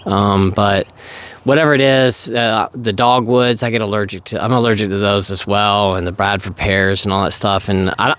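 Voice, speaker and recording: Hoarse low-voiced man, rambling vlog. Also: fairly bright tone. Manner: rambling, frequent ums and throat clearing. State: hoarse, losing his voice. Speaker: vlogger. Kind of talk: casual vlog chat.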